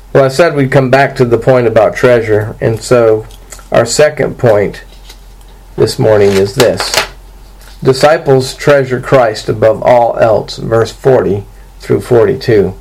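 A man preaching an expository sermon to his congregation, earnest and steady, walking through scripture verse by verse. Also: medium pitch, vocal fry, breathy edge, low-quality recording. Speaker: pastor.

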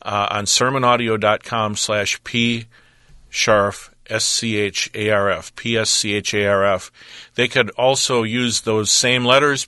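Man, ministry representative, earnest, measured, preacherly, bright forceful tone, dry recording. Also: on the low side, no room sound. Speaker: ministry representative, Bible teacher. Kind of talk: radio interview about his ministry.

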